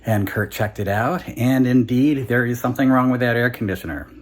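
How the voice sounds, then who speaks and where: A man who runs a guesthouse, telling stories to the camera in an animated, chatty way and laughing now and then. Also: medium pitch, fairly quick. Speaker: guesthouse owner and vlog host. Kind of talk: casual storytelling vlog.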